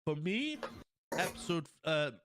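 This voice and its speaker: A slightly high-voiced podcast host, unhurried and with big pitch swings, chats casually over a noisy background. He rambles through episode scenes, repeating quoted lines, swearing, laughing, and restarting often with lots of fillers.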